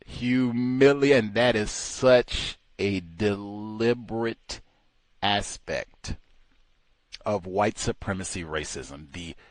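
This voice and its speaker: Brief: male caller, storyteller, swooping expressive pitch, dry close sound, slips into voices of others. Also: no echo. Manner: acts out other people's voices and laughs while telling. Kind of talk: animated call-in storytelling.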